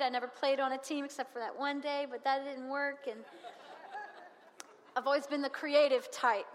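A woman preaching a lively, humorous sermon, with emphatic repetition and laughter. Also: sits high. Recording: long hall reverb.

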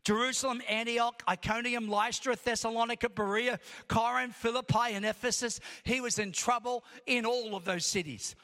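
High, bright-voiced preaching man in a hall. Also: steady tone, moderate pace, few pauses. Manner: impassioned, rising to shouts, reads scripture in long rhythmic lists. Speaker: pastor. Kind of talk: preaching a sermon. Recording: long reverb of a large hall.

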